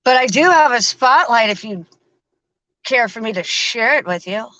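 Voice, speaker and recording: A woman's voice: on the high side, lively intonation, normal speed, pushed and bright, no room sound, poor audio. A woman hosting a live stream in casual chat, chatty, laughing often and using lots of fillers. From American South.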